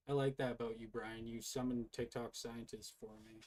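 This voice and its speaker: A man's voice: mid-range voice, little pitch movement, moderate pace, hardly any pauses, a little mellow. A man giving casual live-stream commentary as he reacts to live videos, mocking and swearing a lot and arguing back. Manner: profane, mocking and argumentative.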